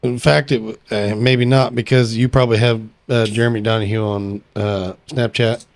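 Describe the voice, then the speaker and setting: A man's voice: mid-range voice, little pitch movement. A man co-hosting a podcast in casual chat, swearing and restarting his sentences. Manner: swearing, halting starts. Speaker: podcast co-host.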